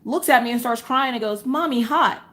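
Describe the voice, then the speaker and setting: A woman's voice: on the high side, steady tone, a little fast, fairly bright tone. A woman in her thirties from Pennsylvania, hosting a casual crafting livestream from home, chatty and laughing often as she tells family stories. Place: home, indoors.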